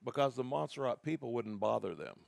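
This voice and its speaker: A man's voice: medium pitch, animated, a little fast, vocal fry, darkish tone, no echo. A man co-hosting a podcast, telling long rambling anecdotes in casual chat. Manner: rambling anecdotal storytelling with restarts. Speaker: podcast co-host.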